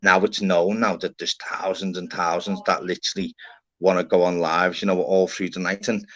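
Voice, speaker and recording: A man with a low, somewhat bright voice speaks at normal speed with a flat delivery. He's a host on a live stream panel over an online call, chatting casually, rambling and swearing, dropping "innit" and "lad" constantly, all in muffled lo-fi stream audio.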